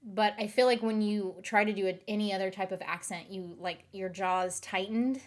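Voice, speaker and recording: A woman's voice: medium pitch, fairly even intonation, normal speed. A young woman with a lightly covered-up Southern US accent, rambling casually in livestream chat with lots of fillers and restarts.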